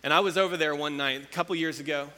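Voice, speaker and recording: A man's voice: on the high side, steady tone, fast, sharp tone. A man preaching a sermon, telling a personal story and acting out the voices of the people in it. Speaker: pastor. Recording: long hall reverb.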